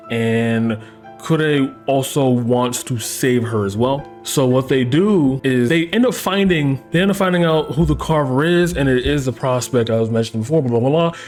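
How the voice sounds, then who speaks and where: A man recapping a show's plot in casual, profane chat at a mid pitch. He stays sarcastic and animated, swearing and tossing off quick mock voices for the characters. Faint music plays behind him. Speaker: anime recap host.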